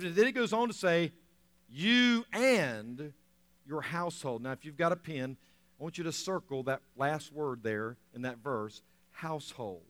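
A man preaching a sermon, swinging between loud emphatic lines and soft quiet ones, with chuckles between points. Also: on the high side, measured pace. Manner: animated preaching, rising loud then dropping soft. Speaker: pastor.

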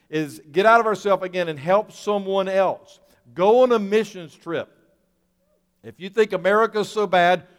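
A man's voice: high voice, smooth, in a large hall. A man preaching a sermon as pastor, emphatic and repeating key words, acting out the voices he quotes.

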